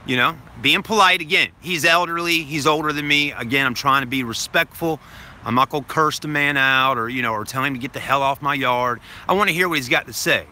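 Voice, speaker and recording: A man's voice: a little high, fast, bright, forceful tone. A man telling a story to his live stream viewers in a casual, rambling way, repeating himself, swearing now and then, and addressing them as folks.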